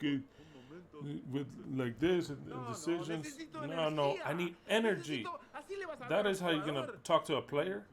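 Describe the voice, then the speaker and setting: A man's voice: a little high, moderate pace. A man on an angry, profane rant, speaking with heat and scorn. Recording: crowd audible behind.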